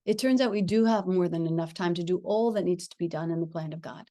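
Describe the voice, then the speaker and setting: A middle-aged woman telling a personal spiritual story. She talks in an earnest, reflective way with gentle pauses and frequent small laughs. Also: lowish voice, no echo, clean studio sound. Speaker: spiritual teacher.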